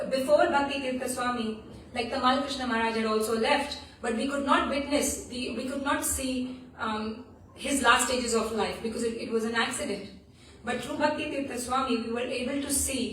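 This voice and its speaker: A woman teaches a devotional scripture class in a temple hall, telling stories earnestly and often restarting. Her voice is on the high side and a bit bright. The recording sounds echoey and distant.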